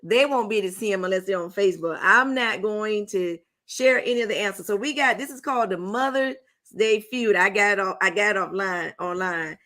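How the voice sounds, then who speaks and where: A woman's voice: medium pitch, a little fast, pushed and bright. A woman hosting a casual talk show, chatty and playful as she runs a party game for her guests. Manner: chatty and playful, with folksy phrasing.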